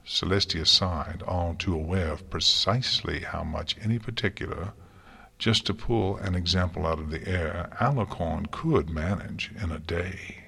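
Husky low-voiced man narrating a story. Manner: measured, even storytelling. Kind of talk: fanfiction audiobook reading.

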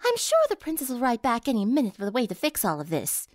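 A woman's voice: on the high side, big pitch swings, fast, no echo, studio quality, pitched above the performer's own voice. A woman voicing a brash, tomboyish young woman. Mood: blunt.

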